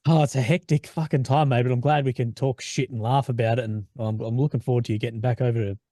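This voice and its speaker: A man's voice: medium pitch, steady tone, quick pace, dark tone, dry recording, studio quality. An Australian man hosting a podcast, bantering in a laid-back way with heavy slang and swearing. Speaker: podcast host. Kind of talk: casual chat.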